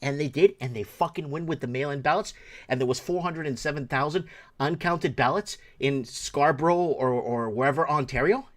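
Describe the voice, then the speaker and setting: A man hosting a talk show, ranting angrily and cursing, swinging between shouted bursts and low muttering. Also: moderate pace. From Portuguese heritage. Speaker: show host. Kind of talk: angry political rant.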